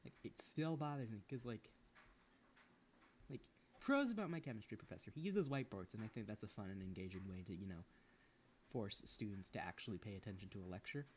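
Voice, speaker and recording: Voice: medium pitch, a little fast, darkish tone, slight background noise. A young adult streamer at home, rambling in casual chat while gaming, swearing freely and poking fun at themself.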